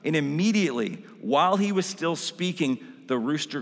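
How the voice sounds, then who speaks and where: A man's voice: on the high side, lively intonation, moderate pace, few pauses, in a large hall. A man preaching a sermon in a casual, conversational way, full of asides and "like"s. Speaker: pastor.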